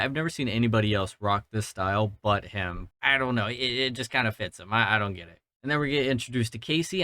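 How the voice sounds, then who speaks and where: Smooth-voiced young man, dry podcast mic. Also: medium pitch, a bit bright, no echo. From Georgia, US. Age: 20s. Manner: rambling, profane, self-deprecating. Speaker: podcast host. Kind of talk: casual movie review monologue. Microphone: mounted podcast mic.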